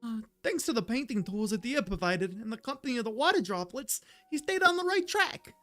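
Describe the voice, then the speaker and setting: Paimon, a man doing a high, New York-ish sidekick voice. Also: lively intonation, brisk, sharp tone, heavily acted. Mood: chatty. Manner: put-on East Coast, New York-ish accent. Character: tiny floating female companion, chatty and excitable. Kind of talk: reading game dialogue aloud.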